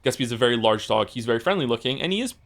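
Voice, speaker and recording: A man's voice: mid-range voice, animated, rapid-fire, vocal fry, a bit bright. A man streaming and chatting casually with viewers, rambling through stories with lots of fillers, restarts and blunt swearing. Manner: profane and blunt.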